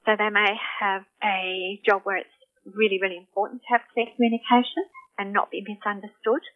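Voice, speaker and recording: A woman speech pathologist explaining her work clearly in an interview. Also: medium pitch, level tone, a little fast. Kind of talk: interview answers. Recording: tinny phone line.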